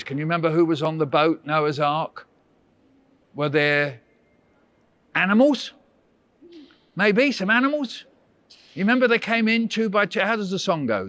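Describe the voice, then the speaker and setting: A man's voice: on the high side, fairly bright tone, dry recording. A man, a visiting author, running a playful storytelling workshop for children and coaxing them with questions.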